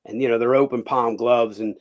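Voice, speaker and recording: A man, a former boxer and cut man, telling animated stories as a guest in a casual interview and swearing freely. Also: mid-range voice, fairly quick. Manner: animated storyteller who acts out other people's lines and swears freely.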